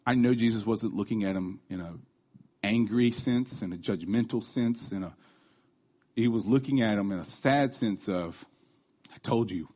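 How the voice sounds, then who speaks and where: A man in his thirties, lowish-voiced and a little mellow, preaches at a moderate pace. The sermon is casual and chatty, with restarts and asides, and he acts out the voices he quotes.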